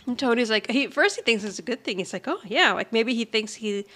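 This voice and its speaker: Casual podcast co-host, woman, fairly high voice, animated recapper who acts out the lines. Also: brisk. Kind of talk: casual chat.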